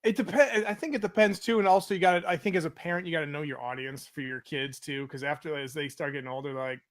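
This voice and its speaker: A man with a fairly high voice co-hosts a casual chat show. He laughs a lot and reads out viewer comments as he goes. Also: steady tone, quick pace. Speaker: podcast co-host.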